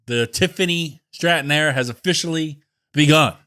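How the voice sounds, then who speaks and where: A man co-hosting a wrestling podcast, chatting casually and giving his opinions in a measured, laid-back way. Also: on the high side, sharp tone, smooth. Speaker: podcast co-host. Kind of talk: casual chat.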